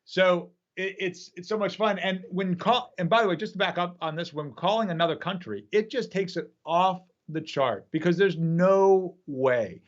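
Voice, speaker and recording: Animated man telling a story over lo-fi audio. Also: high voice, normal speed, few pauses. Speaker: magician and app creator. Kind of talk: casual storytelling. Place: home studio. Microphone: video call.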